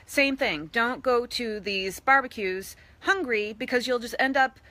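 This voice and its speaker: Bright, chatty raised woman. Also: a little high, animated, a little slow, no echo. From East Boston, USA. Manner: chatty, with playful voiced asides. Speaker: fitness coach. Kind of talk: live social media video.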